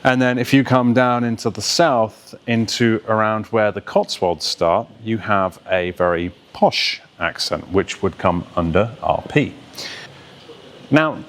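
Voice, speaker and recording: Lower-voiced male voice coach. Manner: articulate, steady, explaining with examples. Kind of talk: explanatory video lesson.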